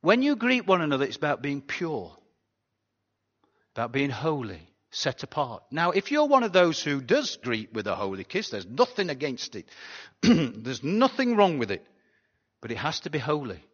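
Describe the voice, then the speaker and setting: A pastor giving a sermon in a chatty, conversational way, often asking the congregation rhetorical questions. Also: male voice, fairly high pitch, huge pitch swings, normal speed, fairly bright tone. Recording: dull sound with long hall reverb.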